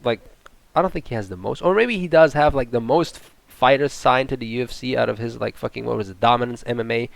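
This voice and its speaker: A young man giving profane, rambling and excitable commentary on a fight. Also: mid-range voice, fast talker, creaky, dry recording. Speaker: MMA commentator. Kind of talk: ranting casual commentary.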